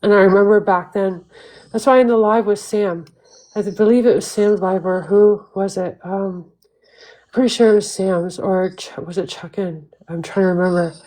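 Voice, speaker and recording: A woman's voice: mid-range voice, steady tone, normal speed, mellow, low-quality recording. A woman livestreaming, ranting at length in a heated, profane, repetitive way.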